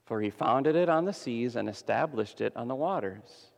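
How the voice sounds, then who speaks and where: A man preaching a sermon as pastor, dramatic, swinging between loud emphasis and hushed softness. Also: medium pitch, expressive, moderate pace, creaky. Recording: long hall reverb.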